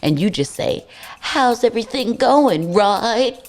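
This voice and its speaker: A woman's voice: fairly high pitch, expressive, slow, background noise. A woman voicing a bossy, businesslike older madam who gives matter-of-fact instructions. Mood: instructing.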